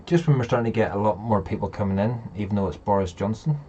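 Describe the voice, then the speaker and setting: A man's voice: on the low side, fast, warm tone, husky, dull audio. A man hosting a casual live chat, rambling and talking straight to his viewers. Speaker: livestream host.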